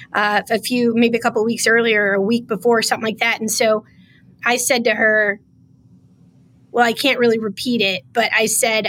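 A woman guest on a podcast, emotional as she tells a story in conversation and acts out the quoted lines. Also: a little high. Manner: animated, acts out quoted dialogue. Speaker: podcast guest, state official.

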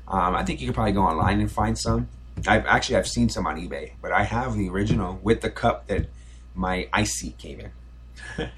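A man's voice: low-pitched, slight background noise. A man in his forties hosting a solo sports podcast, telling a nostalgic story in a loose, rambling way with many restarts. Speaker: podcast host. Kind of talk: casual solo podcast monologue.

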